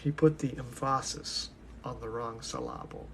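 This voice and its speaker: Brief: a young male streamer thinking aloud, gravelly and unhurried, drifting topic to topic. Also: mid-range voice, wildly swooping pitch, a bit bright, slight background noise. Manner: musing, talks to himself, drifts between topics. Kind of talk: rambling casual monologue.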